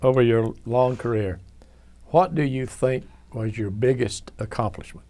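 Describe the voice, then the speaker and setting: A man conducts an oral history interview. His voice sits at a middle pitch. He asks short, measured questions. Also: dark tone.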